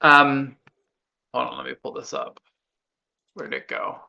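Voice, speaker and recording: A man narrating a tabletop game as game master, casual and unhurried with many fillers. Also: mid-range voice, sing-song, vocal fry, pushed and bright, lo-fi sound.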